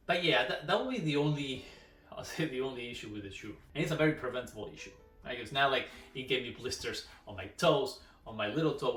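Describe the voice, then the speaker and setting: A man's voice: mid-range voice, a bit bright. A man giving a casual running shoe review, talking loosely with fillers and restarts. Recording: echoey room, mic at a distance, faint music. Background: faint background music.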